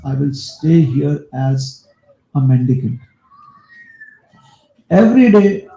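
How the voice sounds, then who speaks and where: A male preacher telling a devotional story in a sermon, as an animated storyteller who turns aside to talk to his listeners. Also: on the high side, gravelly. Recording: echoey room.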